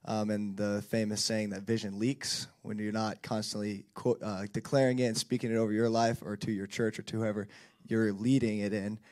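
A man with a lowish voice moderates a church panel. He asks questions casually, with a joking edge. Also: flat delivery, moderate pace, a little mellow.

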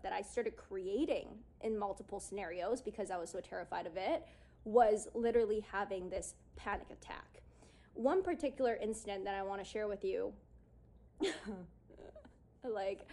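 A woman with a warm, medium-pitched voice, a speaker on confidence and yoga, tells her audience a personal story in a relaxed way. She says "like" a lot, uses plenty of fillers, and acts out the lines she and other people said back then.

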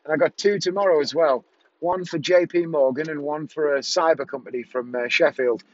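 A man's voice: a little high, brisk. A middle-aged man from England, a magician chatting casually in a vlog, rambling and correcting himself as he goes. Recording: dull lo-fi dry sound.

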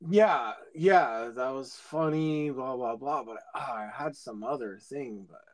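A man's voice: mid-range voice, dry recording. A man co-hosting a podcast, telling a meandering anecdote in casual chat and trailing off often. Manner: rambling, slow, trails off. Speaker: podcast co-host.

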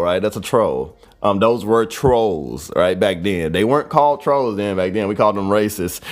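A young man hosting a podcast, telling a story in a rambling, profane way and adding "right?" after nearly every phrase. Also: on the low side. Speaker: podcast host. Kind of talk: casual solo monologue.

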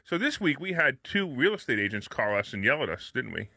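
A male radio co-host talking fast and with lots of swing in his pitch. His voice is bright and forceful, and he is recorded close and dry in a studio. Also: creaky, no room sound. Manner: storytelling, animated, fast, laughs often. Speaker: radio show co-host and broker. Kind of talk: casual radio talk.

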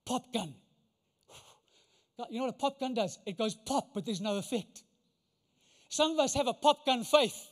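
Male preacher, lively storytelling sermon, high pitch, long hall reverb. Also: normal speed, long pauses. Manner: animated, conversational, acts out voices. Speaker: pastor.

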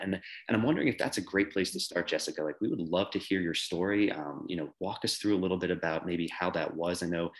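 A man co-hosting a podcast with a very low, deep voice. He asks his guest questions in a loose, rambling way, pausing on fillers and restarting his sentences. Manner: rambling, hesitant, many fillers. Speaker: podcast co-host. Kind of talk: casual interview questions.

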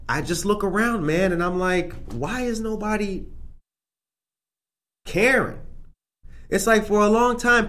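Guy hosting a morning stream, chatty and animated, kinda high voice. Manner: chatty, animated, talks straight to the chat. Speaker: podcast host. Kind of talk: casual morning show talk to live viewers. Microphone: streamed on camera.

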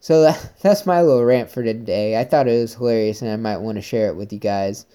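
Male podcast host, mellow voice, upbeat, rambling solo chat. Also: lowish voice, fairly quick, clean tone. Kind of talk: casual solo podcast monologue.

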